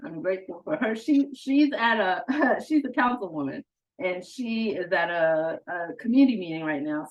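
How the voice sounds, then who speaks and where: A woman as outgoing conference president giving a heartfelt, halting thank-you speech, fighting back tears. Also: lowish voice, rough recording. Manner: heartfelt, halting, with fillers and laughs.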